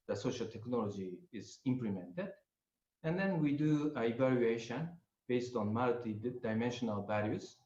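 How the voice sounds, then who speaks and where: An older man with a Japanese accent, speaking English as a second language, gives a webinar lecture with frequent pauses and fillers. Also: mid-range voice, a little mellow. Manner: hesitant, many pauses and fillers. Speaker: guest lecturer. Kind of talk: webinar presentation. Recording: roomy, slightly muffled audio.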